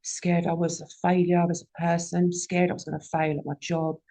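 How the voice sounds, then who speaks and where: A woman's voice: fairly low pitch, little pitch movement, normal speed, dark tone. A woman in her forties giving a raw, candid personal testimony at a recovery meeting and swearing often.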